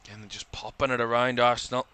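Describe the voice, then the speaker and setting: A man's voice: mid-range voice, little pitch movement, fast, sharp tone, clear, resonant tone. A man giving live football commentary for a watchalong stream, calling player names in short bursts and lifting his voice as attacks build, a little tired. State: tired, yawning.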